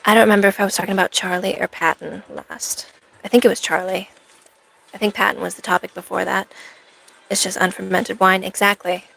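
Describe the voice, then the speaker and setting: Rambling, playful woman streamer with vocal fry. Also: mid-range voice, steady tone, a little fast, fairly bright tone, low-quality recording. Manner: rambling, playful, self-mocking asides. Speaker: cosplay streamer. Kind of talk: casual live-stream chat with viewers.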